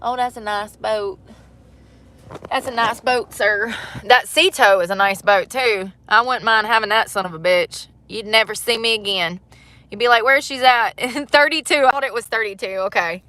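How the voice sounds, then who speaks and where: A vlogger with a bright, forceful mid-range voice chats at a moderate pace into her phone by the water on a cold day, captured in a dry recording. She keeps it casual, cursing freely and laughing a lot.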